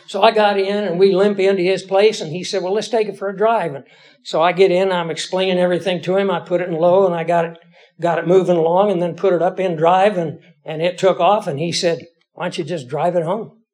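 Man, middle-aged, pastor, high voice, folksy storytelling sermon, conversational, self-deprecating. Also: fairly even intonation, brisk, a little mellow.

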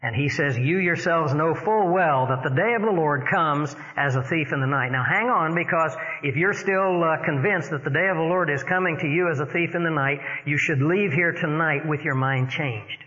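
Bright-voiced preacher in an echoing hall. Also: male voice. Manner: rises in pitch and force for emphasis, slows on key words. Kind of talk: sermon. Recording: dull lo-fi radio broadcast in a reverberant hall.

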